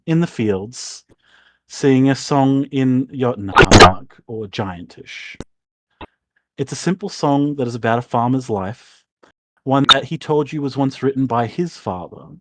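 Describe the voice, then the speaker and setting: A man's voice: mid-range voice, a bit bright, a little hiss or hum. A man narrating as game master in a loose, rambling way, swearing casually.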